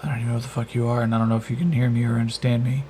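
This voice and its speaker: A brash, foul-mouthed male warrior, as the game master puts him on fires off blunt, profane lines. His voice is low and mellow, with a faint hiss behind it. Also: little pitch movement, natural voice, low-quality recording. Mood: wary, defiant. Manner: profane, blunt, rapid outbursts.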